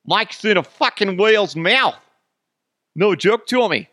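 A man putting on a crude, excited New England working guy with an attempted Boston accent that keeps slipping. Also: high voice, measured pace, dry recording, clean studio sound, pitched above the performer's own voice, heavily acted. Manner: shouting, swearing, botched accent.

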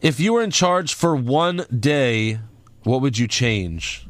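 A man's voice: medium pitch, expressive, slow pace, no room sound. A man co-hosting a wrestling podcast, joking and swearing as he reads out listener questions. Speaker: podcast co-host. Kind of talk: casual podcast banter.

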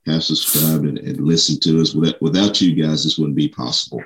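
A very low-pitched man with a Georgia country drawl. He talks in an easygoing, joking way as a podcast co-host. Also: fairly even intonation, fairly quick, poor audio. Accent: Southern US (Georgia). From South Georgia, US. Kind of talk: casual chat.

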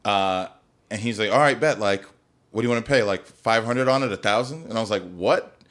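A man in casual chat on a podcast, telling stories in a profane, animated way. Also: lowish voice, a little fast. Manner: profane, animated storytelling with laughter.

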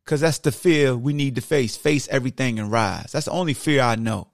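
A gravelly, middle-aged man delivers a fired-up solo podcast rant. He talks straight at his listeners, preachy and animated. The sound is dry and close. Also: medium pitch, brisk, no room sound. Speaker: podcast host. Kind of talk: casual sports podcast monologue.

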